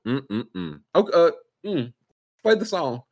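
A man chatting casually, slangy and animated, acting out quotes as he tells stories. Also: fairly high pitch, slow, vocal fry. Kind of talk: casual chat.

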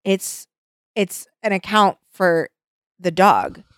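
A woman's voice: mid-range voice, takes it slowly, a bit bright, slight background noise. A woman co-hosting a casual chat, reading posts aloud and breaking into laughter. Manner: giggly, exclaiming, breaks into laughter while reading. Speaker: podcast co-host.

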